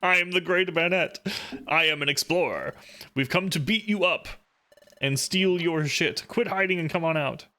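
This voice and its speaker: A man's voice: on the high side, moderate pace, pushed and bright, voice pushed up. A man voicing a boastful young male explorer in a game, stammering as he denies being scared. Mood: cocky taunting. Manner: stammering bravado.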